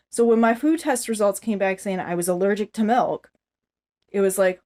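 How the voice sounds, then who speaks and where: A woman's voice: medium pitch, brisk, darkish tone. A woman ranting angrily to the camera, rambling and swearing constantly as she vents. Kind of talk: angry profane rant to camera.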